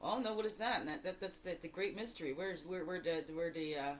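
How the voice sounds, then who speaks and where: A woman giving a daily spiritual card reading in a lively, exclamatory way, full of rhetorical questions and repeated phrases. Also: brisk, slight background noise, rough recording. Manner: animated, jumping between loud bursts and low asides. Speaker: spiritual guide.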